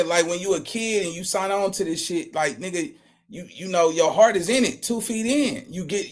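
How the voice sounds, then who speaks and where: A man with a fairly high voice talks straight to his viewers in loose, slangy commentary. He presses his points hard and keeps repeating and restarting his words. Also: a little mellow. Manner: emphatic, slangy, repeats himself. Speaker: reaction vlogger. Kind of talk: casual commentary.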